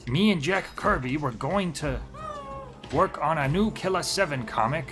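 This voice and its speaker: A man putting on an impression of an elderly, boastful comic-book showman, speaking slowly and grandly. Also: a little high, expressive, music in the background, voice pushed up. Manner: slow, drawn-out, grandiose delivery.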